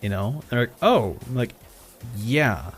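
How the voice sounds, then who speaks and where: With faint music behind him, a man with a medium-pitched voice speaks a little slowly on a live gaming stream. He casually relates a story rich in quoted exchanges, swearing frequently and chuckling.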